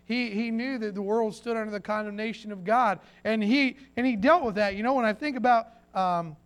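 A preacher man with a high-pitched voice delivers a folksy sermon. He slips into little acted quotes and restarts his sentences often as he talks to his congregation. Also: a little fast, clear, resonant tone. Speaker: pastor.

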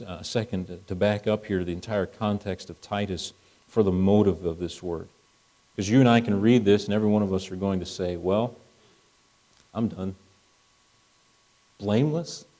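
A man's voice: on the low side, mellow, low-quality recording. A middle-aged man preaching a sermon in a conversational way, acting out dialogue as he goes.

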